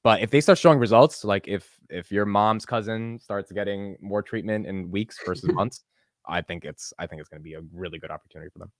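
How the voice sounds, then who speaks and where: A man hosting a casual investing interview, animated and quick to swear and laugh. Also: fairly low pitch, dry recording, studio quality. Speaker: host.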